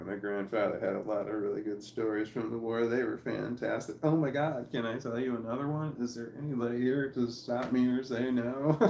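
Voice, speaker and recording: Brief: man, mid-pitched, loose rambling storyteller with frequent chuckles and casual swearing, echoey room. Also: a little mellow, a little hiss or hum. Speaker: vlogger.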